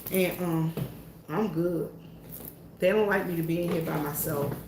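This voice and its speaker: A woman's voice: on the low side, fairly even intonation, a little slow, noisy background. Chatty Southern woman in a roomy church. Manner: chatty, folksy, storytelling with dialect. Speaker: church worker and vlogger. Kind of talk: casual chat to viewers. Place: empty church, indoors.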